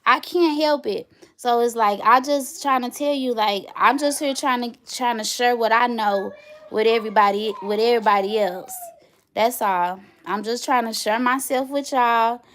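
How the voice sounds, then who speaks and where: A woman in her thirties talks to her viewers on a casual livestream in a fairly high voice. She tells stories with animated, chatty energy, as if catching up with friends. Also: moderate pace. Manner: chatty, animated storytelling, addresses viewers directly. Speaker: livestream host.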